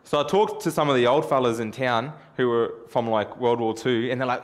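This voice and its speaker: A man's voice: mid-range voice, brisk, hardly any pauses. A man preaching a sermon through a self-deprecating personal story, chatty and joking.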